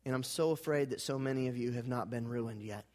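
A man preaching a sermon as pastor, dramatic, swinging from hushed lines to loud, fervent ones. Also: mid-range voice, fairly quick. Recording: hall reverb.

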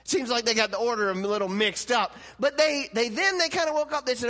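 A man with a high voice preaches a sermon, talking loosely and laughing as he goes. When he voices God's words he builds in intensity. A long reverb hangs on his voice, as in a church hall. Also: fairly quick, bright, forceful tone. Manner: conversational, laughs often, plays out God's lines with rising intensity.

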